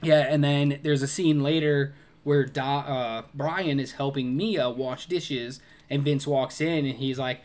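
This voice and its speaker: A man's voice: mid-range voice, steady tone, measured pace, a little mellow. A man co-hosting a podcast, chatting casually about a movie and animatedly acting out its scenes with voices and grunts. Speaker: podcast co-host. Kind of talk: casual movie review chat.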